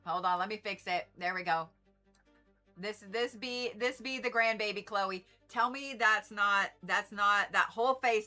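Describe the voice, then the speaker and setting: Bright-voiced chatty woman astrologer. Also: medium pitch, measured pace, faint music behind. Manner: chatty, rambling, profane, laughing asides. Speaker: astrologer livestream host. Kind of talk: casual livestream chat.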